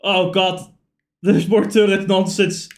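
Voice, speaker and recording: Brief: high-pitched man, live game commentary, blunt and profane reactions. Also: flat delivery, takes it slowly. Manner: swears freely, reacts loudly to gameplay. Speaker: streamer playing a game.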